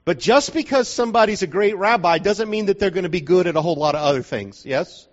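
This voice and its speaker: A man with a high, expressive voice preaches fast, keeping things conversational and full of jokes. He keeps asking the congregation if they're with him, and the church hall recording sounds dull and lo-fi.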